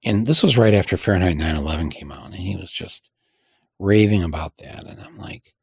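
Gravelly man, slow anecdote teller, wry, lots of ums and restarts, dry close sound. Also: sits low, no room sound. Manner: rambling, frequent fillers and restarts, wry. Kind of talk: storytelling anecdote to an audience.

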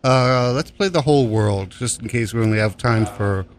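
A man's voice: medium pitch, normal speed. Rambling, joking radio host man. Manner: rambling, joking, swears freely. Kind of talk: casual on-air chat. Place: radio studio. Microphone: studio microphone.

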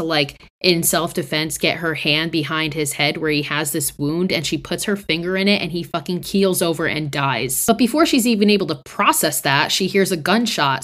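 A woman with a low-pitched voice hosts a podcast and retells a movie plot in a loose, conversational way. She swears freely and fills her sentences with "like" and "basically". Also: a bit bright. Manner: chatty, profane, uses many fillers. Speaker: podcast host. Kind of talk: casual movie recap.

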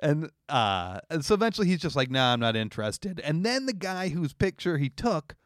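Animated man telling a story. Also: fairly high pitch, moderate pace, no room sound, studio quality. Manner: animated, acts out quoted voices, laughs often. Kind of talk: casual storytelling chat.

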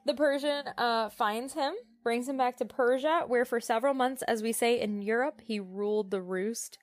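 A woman co-hosting a podcast who reads passages from a novel aloud and breaks off to joke and laugh. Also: a little high. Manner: joking, laughs often, pauses on fillers. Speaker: podcast co-host. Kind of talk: casual chat mixed with reading aloud from a novel.

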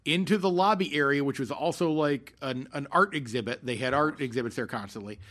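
A man's voice: mid-range voice, fairly quick, fairly bright tone. A man telling a long theater story in casual podcast chat, rambling with many fillers and restarts. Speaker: podcast co-host.

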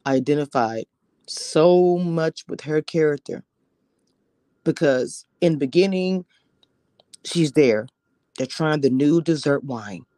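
A woman's voice: sits low, lively intonation, slow, pauses often, warm tone, dry recording. Chatty woman reviewer, dry close sound. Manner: chatty, drops to a whisper for emphasis. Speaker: TV show reviewer. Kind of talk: casual episode recap.

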